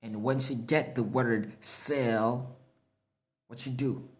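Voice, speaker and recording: A man's voice: medium pitch, steady tone, slow pace. Man preaching profane slangy motivation. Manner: emphatic, profane slang, laughs at himself. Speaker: motivational speaker. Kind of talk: freewheeling motivational monologue.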